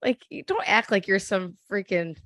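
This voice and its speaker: A woman's voice: mid-range voice, moderate pace, fairly bright tone, no echo, studio quality. A woman co-hosting a casual chat about reality TV, sarcastic and dramatic, swearing as she talks. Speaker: podcast co-host.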